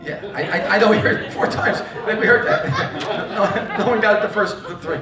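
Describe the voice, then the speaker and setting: A man's voice: high-pitched, moderate pace. A man from New Jersey doing live stand-up, teasing the audience and rambling between laughs. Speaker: stand-up comedian. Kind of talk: live stand-up with crowd work. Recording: echoey room, far mic, crowd.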